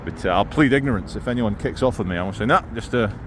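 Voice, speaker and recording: A man with a lowish voice talks at a racing clip, with background noise around him. He's a YouTuber filming himself as he walks through town streets, keeping up a wry, sarcastic running commentary. The audio comes from a handheld camera mic while he walks.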